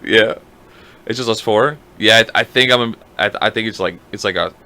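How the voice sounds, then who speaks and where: A man co-hosting a podcast, talking in an animated, profane, joking way in casual chat. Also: fairly low pitch, normal speed. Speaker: podcast co-host.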